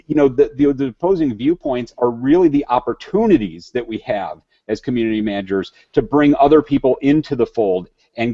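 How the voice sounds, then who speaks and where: A man's voice: medium pitch, warm tone, dry recording, dull audio. A man speaking earnestly on a video call panel, restarting phrases often and joking at himself. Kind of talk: casual video panel chat.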